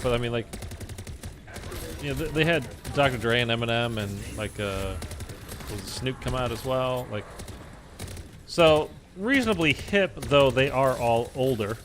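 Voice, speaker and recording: A man's voice: medium pitch, background noise. A man streaming a video game, chatting casually in a rambling way full of fillers. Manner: rambling, filler-heavy talk. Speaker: live streamer. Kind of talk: casual chat while gaming.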